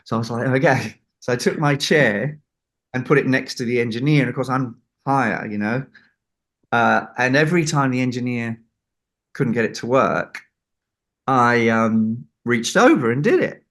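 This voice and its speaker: A man's voice: medium pitch, expressive, normal speed, a bit bright. A man, a record producer, telling a story in an interview and acting out the people he quotes. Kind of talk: anecdote in an interview.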